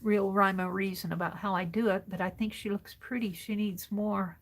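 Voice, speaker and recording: A woman's voice: medium pitch, fairly even intonation, normal speed. A woman hosting a casual crafting demonstration. She murmurs to herself and often drops to a half-whisper while she works. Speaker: mixed-media art streamer.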